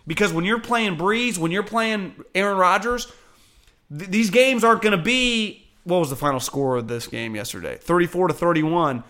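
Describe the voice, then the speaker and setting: This fairly high-pitched voice belongs to a man in his thirties from Northern California who once played pro defensive line. Now hosting casual sports talk, he's animated and blunt and swears a lot.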